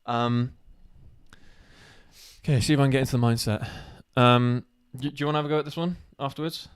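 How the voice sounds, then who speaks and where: A man's voice: mid-range voice, fairly even intonation, brisk, smooth. A man with a West Country twang chatting on a live show, laughing often and mocking himself. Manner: laughs a lot, self-mocking, restarts. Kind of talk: casual chat, trying movie-quote accents.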